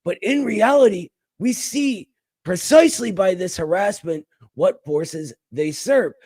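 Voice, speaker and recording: A man talks in a casual, emphatic way on a political talk show, his voice sitting a little higher than most men's. The sound is dry and close, with no room around it. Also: unhurried, a little mellow, no echo. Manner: emphatic, calls people brother. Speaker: co-host.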